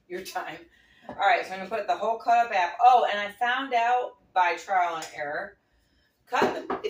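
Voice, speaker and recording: In her home kitchen, a cooking vlogger chats casually through a recipe demo, rambling with frequent restarts and little laughs. Her voice is fairly low, and the recording has an echoey room and a noisy background.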